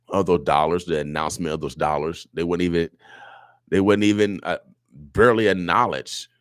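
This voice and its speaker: A very deep-voiced man hosts a radio show and speaks in an impassioned, preachy way, circling back and repeating his points. His voice is recorded dry and close in a studio, with no room sound. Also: no echo. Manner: preachy, repetitive, emotional. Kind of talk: impassioned talk radio monologue.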